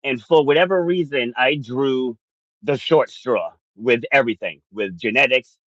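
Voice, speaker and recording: A man co-hosting a podcast, telling a personal story in an animated way, laughing often. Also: mid-range voice, normal speed, no echo, highs cut off. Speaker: podcast co-host.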